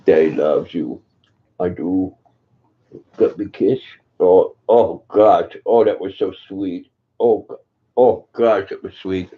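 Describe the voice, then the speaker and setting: Older guy rambling on his livestream, kinda low voice, tinny phone-call sound. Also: steady tone, slow pace, slightly rough. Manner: chatty, reads viewer comments aloud, coos to his dog. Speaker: livestream host. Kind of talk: casual livestream chat.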